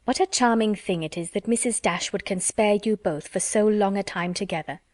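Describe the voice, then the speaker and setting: A woman's voice: medium pitch, normal speed, dry recording, studio quality, close to an everyday voice. A woman voicing a gushing, sly young woman who needles her rival with emphatic, over-sweet insistence, read for a storybook. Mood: insinuating.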